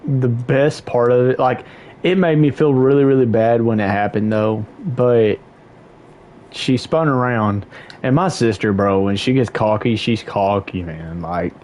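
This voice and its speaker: A young man chatting on a livestream in a mid-range voice, telling a rambling story full of slang and cursing. He gets animated and jumps higher in pitch whenever he quotes someone. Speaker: livestream host. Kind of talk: casual storytelling chat.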